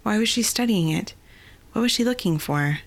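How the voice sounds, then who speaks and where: A woman narrating a fantasy novel in a steady, even storytelling voice. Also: medium pitch, normal speed. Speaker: audiobook narrator.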